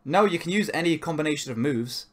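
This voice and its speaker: A man's voice: fairly high pitch, animated, fast. A man co-hosting a podcast in casual chat, rambling and cutting himself off, with frequent swearing. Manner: rambling, self-interrupting, swears. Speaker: podcast co-host.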